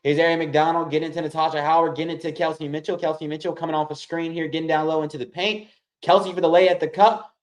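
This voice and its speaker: A man's voice: fairly high pitch, fast talker. A man hosting a casual watch-along, calling basketball play-by-play and talking straight to his viewers. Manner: excitable, keeps addressing viewers as y'all.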